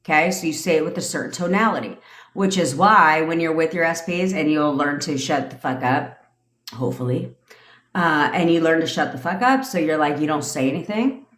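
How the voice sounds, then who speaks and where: Low-voiced blunt woman coach, echoey room. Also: normal speed, a bit bright. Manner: blunt, profane, laughing often. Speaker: manifestation coach. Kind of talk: casual livestream rant and Q&A.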